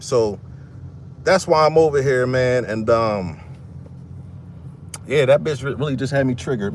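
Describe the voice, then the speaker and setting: His voice sits mid-range, with slight background noise around it. Walking outdoors in a cemetery with a handheld phone, this content creator offers casual vlog commentary, blunt and confrontational, with lots of cursing.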